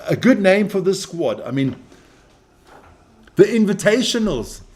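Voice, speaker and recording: A man's voice: sits high, sing-song, unhurried, darkish tone. A man hosting a live stream as he watches a rugby match, joking, swearing and chatting with viewers and with people in the room. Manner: brash, profane, joking banter.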